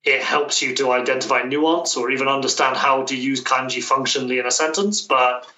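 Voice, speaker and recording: A man's voice: mid-range voice, steady tone, fairly quick, pushed and bright. A man from Britain, a language coach, talking as an interview guest in a thoughtful way with many restarts. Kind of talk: casual interview conversation. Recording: echoey room, distant mic.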